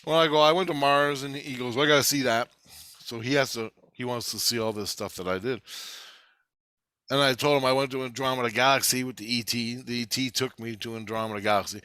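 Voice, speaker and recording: A half-awake man rambling through a profane, casual story, quoting others in quick asides. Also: medium pitch, steady tone, pushed and bright, clean tone, no echo, clean studio sound. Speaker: video maker. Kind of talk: casual chat.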